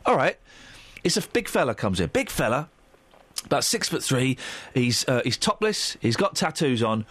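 A man's voice: mid-range voice, big pitch swings, moderate pace, fairly bright tone, no echo. A man hosting a radio phone-in in a studio, bantering with callers in a teasing, sarcastic way.

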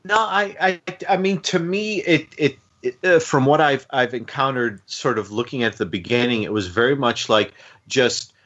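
A man co-hosting a casual chat, halting and repeating words as he starts sentences. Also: mid-range voice, fairly bright tone. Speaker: podcast co-host. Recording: dull lo-fi sound.

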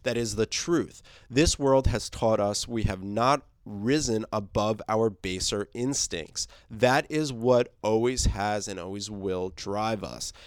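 A man's voice: lowish voice, slow pace, few pauses, clear, resonant tone, no room sound. Man reading cold woman leader from a comic, stern pronouncements, dry sound. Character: cold female leader of a savage group.

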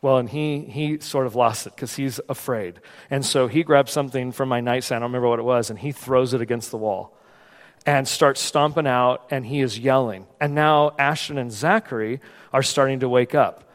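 A man preaching a sermon in a church, telling a personal story in an animated, conversational way. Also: medium pitch, moderate pace. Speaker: pastor. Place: church sanctuary. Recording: long hall reverb.

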